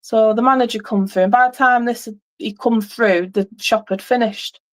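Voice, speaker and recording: A woman's voice: on the high side, steady tone, normal speed. A middle-aged woman, host of a livestream, chatting casually and telling a rambling story with many restarts.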